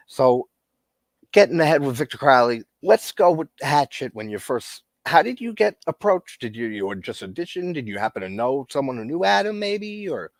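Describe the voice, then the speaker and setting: A man's voice: medium pitch, no room sound. A man hosting a live-stream interview, asking long, rambling questions like an eager fan. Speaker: host.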